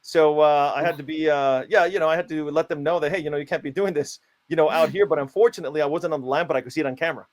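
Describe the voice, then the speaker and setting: Deadpan mock-stern man, fairly high voice. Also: rapid-fire, few pauses. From United States. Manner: mock-stern, playfully absurd. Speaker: guest, self-declared country founder. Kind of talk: deadpan comedic interview answers.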